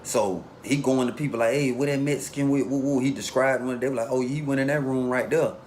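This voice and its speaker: A man casually telling a long story in a relaxed street way, acting out the voices of the people in it. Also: mid-range voice, fairly quick, a little hiss or hum. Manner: laid-back street storytelling, acts out quotes.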